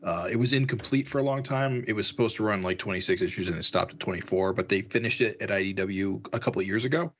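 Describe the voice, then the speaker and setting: Brief: low-voiced co-host sharing comic trivia, easy-going, dull lo-fi sound. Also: male voice, fast, hardly any pauses. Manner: relaxed, informative, hesitant fillers. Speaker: podcast co-host. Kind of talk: casual comic book discussion.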